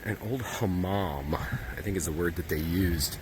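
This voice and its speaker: Speaking in a low, slightly slow voice, this travel vlogger chats his way up a steep road outside, musing aloud while short of breath. Background noise and outdoor ambience can be heard.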